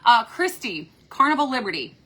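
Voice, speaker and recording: Sex: woman. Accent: Kentucky. Style: chatty live-stream cruise host, bright voice. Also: on the high side, sing-song, moderate pace. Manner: chatty, upbeat, reads viewer comments aloud. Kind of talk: casual live-stream chat. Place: cruise ship cabin.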